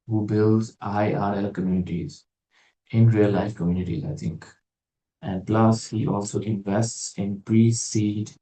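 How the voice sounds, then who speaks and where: A man's voice: lowish voice, dark tone. A man giving an informal religious talk as a teacher, musing and digressive, with wry sarcastic asides. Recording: roomy echo, distant from mic.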